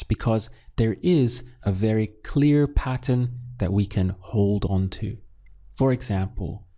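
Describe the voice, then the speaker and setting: A man teaching Spanish, patiently drilling phrases and repeating each word slowly. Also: lowish voice, warm tone. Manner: slow, patient, deliberate drilling with repeated words. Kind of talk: language lesson with drills.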